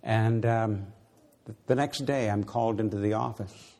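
A man's voice: on the low side, steady tone, moderate pace, a little mellow. A man preaching a sermon and telling a personal story in an earnest, conversational way, his voice lifting when he exhorts his listeners.

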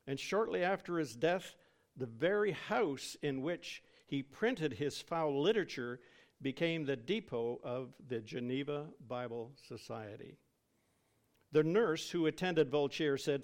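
Slow, gravelly-voiced male preacher. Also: on the high side. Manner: solemn, dramatic preaching with drawn-out emphasis. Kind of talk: sermon.

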